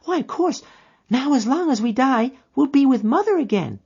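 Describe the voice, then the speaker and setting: A woman's voice: high-pitched, expressive, normal speed, darkish tone, breathy edge, full character voice. A woman voicing a trusting little girl lost in the desert, talking in a folksy childlike dialect, in a lo-fi recording. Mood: cheerful. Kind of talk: audio drama acting. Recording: dull lo-fi recording.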